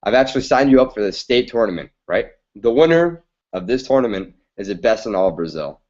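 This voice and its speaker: Calm, confident judo master as a man puts him on, muffled lo-fi sound. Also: fairly low pitch, fairly quick, close to an everyday voice.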